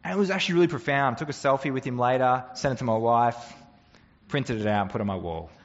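A man preaches a sermon in an easy, conversational way, earnest and full of rhetorical questions. His voice sits at a middle pitch and carries a long reverb from the hall. The recording has a slightly dull, muffled tone. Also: fast. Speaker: pastor.

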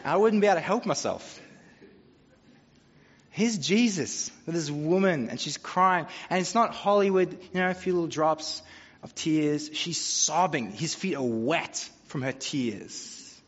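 A man preaches to his congregation, mixing jokes and anecdotes in an easy, conversational way. His voice sits a touch high. The recording is a bit dull and carries the long echo of a church hall. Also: measured pace. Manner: humorous, conversational storytelling. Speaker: pastor. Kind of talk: sermon.

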